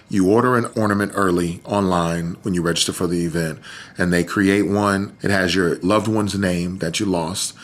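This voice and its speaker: Deep-voiced Texan guest for podcast storytelling, earnest, choked up. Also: male voice. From Texas. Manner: earnest, voice catching with tears. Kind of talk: emotional personal storytelling.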